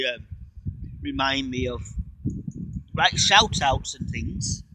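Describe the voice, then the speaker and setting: A man hosts a casual livestream chat, his voice swinging lively up and down with a bright, slightly husky edge. He rambles through wordplay and asides, now and then talking with his mouth full. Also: mid-range voice, poor audio. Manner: talks while eating. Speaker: livestream host.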